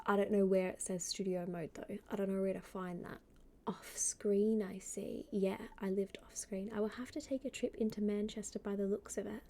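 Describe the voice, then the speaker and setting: Mellow-voiced woman streamer chatting casually. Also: medium pitch. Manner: chatty, greets chat by name, often drops to a soft half-whisper. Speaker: live streamer. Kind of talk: casual live-stream chat.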